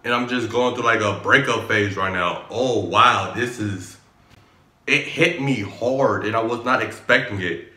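A man hosting a music reaction video, talking casually with excitable slang and repeated exclamations. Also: on the low side, measured pace. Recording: echoey room with music playing. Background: song playing in background.

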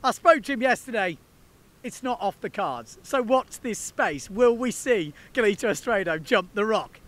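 A man's voice: sits high, expressive, normal speed, fairly bright tone. A man hosting a windsurfing video, chatting casually and enthusiastically to the camera in slangy talk.

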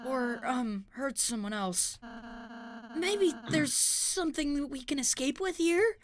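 A woman voicing a gentle worried prince. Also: high voice, animated, takes it slowly. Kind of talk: reading game dialogue aloud.

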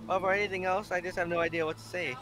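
A man's voice: high voice, steady tone, racing, background noise, close to an everyday voice. Man reading as shy, awkward bookish girl. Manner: hesitant, self-critical reading. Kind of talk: reading a visual novel aloud.

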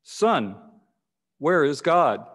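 A man playing a huge, booming, stern pastor. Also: very animated, very slow. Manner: stern, grows louder each time.

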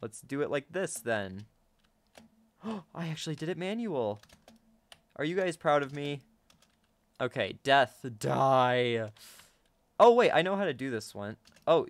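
Young male gaming streamer, chatty and excitable, clean dry close-mic sound. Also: mid-range voice, no echo. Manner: excitable, talks to viewers, gasps and laughs often. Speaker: gaming YouTuber. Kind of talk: casual gameplay commentary.

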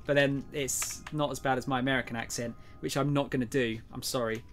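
This casual gaming stream features a young man talking with his viewers, greeting them and muttering quietly to himself during puzzles. His mid-range voice is steady and brisk, with soft music in the background.

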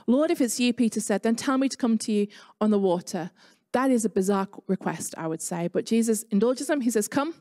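A woman's voice: mid-range voice, quick pace, dark tone, no room sound, clean studio sound. A woman with an English accent preaching an online sermon in a chatty, conversational way, mixing personal stories with scripture. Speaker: pastor.

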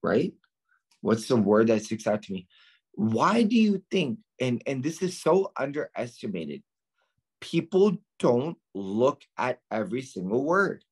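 Emphatic husky-voiced male tutor, slow delivery. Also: medium pitch, big pitch swings, a little mellow. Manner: emphatic, asks students questions and answers them himself. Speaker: nursing exam tutor. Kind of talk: lecture to students.

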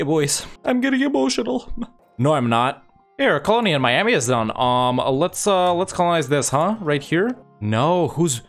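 Exasperated young man narrating gameplay. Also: mid-range voice. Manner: exasperated, self-mocking, frequent laughs and mock-dramatic asides. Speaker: gaming YouTuber. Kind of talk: casual gameplay commentary. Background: faint game music.

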